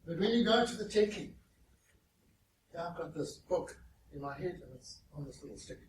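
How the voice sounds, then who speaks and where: A man tells stories to an audience as guest speaker, animated and playful. His voice sits fairly high and sounds distant from the mic. The room echoes, with clear noise behind him. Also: moderate pace. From South Africa. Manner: animated, acts out other people's voices in his anecdotes. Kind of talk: humorous storytelling talk. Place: meeting venue with an audience. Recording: roomy echo, distant mic, noisy background.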